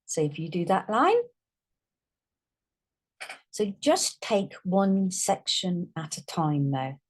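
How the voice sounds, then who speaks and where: Slow patient woman teaching phonics. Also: lowish voice, very animated. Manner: slow, drawn-out sounding out of words. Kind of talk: phonics lesson.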